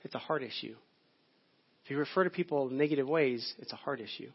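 A man's voice: mid-range voice, fast talker, breathy edge. A male pastor giving a sermon in a conversational, storytelling way. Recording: dull lo-fi audio.

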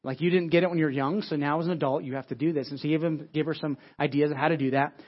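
Fast-talking pastor with a dull, lo-fi sound. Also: male voice, on the high side, steady tone. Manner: conversational, repeats words and restarts, frequent "right?". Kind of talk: sermon. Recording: dull lo-fi audio.

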